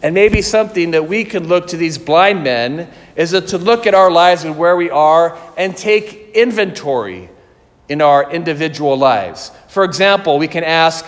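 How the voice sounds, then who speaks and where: A man's voice: on the high side, expressive, big-room sound. A man preaching a sermon in an earnest, questioning way. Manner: slow, earnest, questioning delivery.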